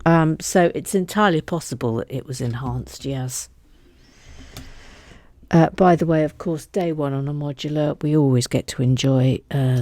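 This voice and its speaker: A woman's voice: rumbling low, moderate pace, warm tone, no echo. A woman with an English accent chatting playfully as co-host while building a model. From England. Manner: playful, chatty, puts on silly sing-song voices. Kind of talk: casual chat while building.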